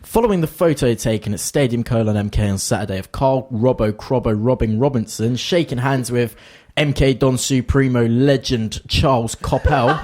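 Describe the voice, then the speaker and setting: A man co-hosting a comic fan radio show, reading out listener texts, laughing and stumbling over words. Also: mid-range voice.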